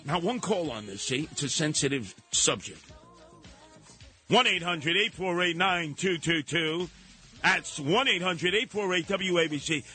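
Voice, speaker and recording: Soft music plays under a radio talk show host whose fairly high voice sounds pushed and bright, though he speaks unhurriedly and with animation. In his call-in monologue, he fires off sarcastic rhetorical questions and impersonates the people he's mocking.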